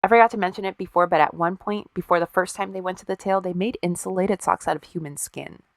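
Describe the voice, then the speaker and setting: A woman with a lowish voice tells a story to her co-host in a loose, chatty way. She swears freely and adds wry asides. The recording is dry and close. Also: fairly even intonation, fast talker, no room sound. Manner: profane, wry storyteller acting out quotes. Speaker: podcast co-host. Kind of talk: casual storytelling chat.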